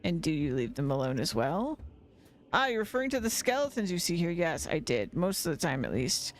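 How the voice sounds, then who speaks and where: A streamer voicing a man in a bear suit who poses as a grandiose mountain god, speaking in slow, menacing pronouncements. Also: medium pitch, big pitch swings, voice pushed down. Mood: confiding. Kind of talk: reading game dialogue aloud on a livestream.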